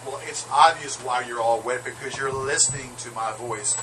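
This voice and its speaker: A man hosting a live radio show, bawdy and showy, jumping from loud announcements to low asides. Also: moderate pace, noisy background. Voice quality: showy, bawdy, swings from shouting to mumbling. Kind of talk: brash live radio banter.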